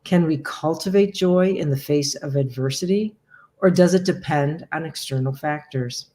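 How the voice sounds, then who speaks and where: A woman moderating a talk over a video call, reading audience questions aloud and giving calm, brief acknowledgements. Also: deep voice, normal speed.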